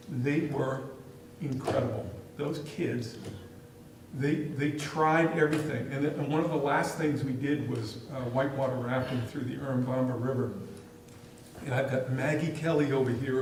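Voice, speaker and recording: A man's voice: medium pitch, darkish tone, slight background noise. A man speaking as school superintendent at a board meeting, telling chatty, amused stories. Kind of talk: meeting remarks and storytelling. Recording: echoey room, distant mic.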